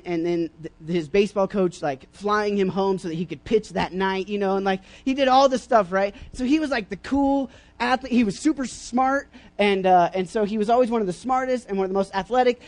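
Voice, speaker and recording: The speaker is a young preacher with a high-pitched voice giving a casual sermon in church. He meanders through personal stories, stumbling over restarts and fillers, and erupts into loud impersonations.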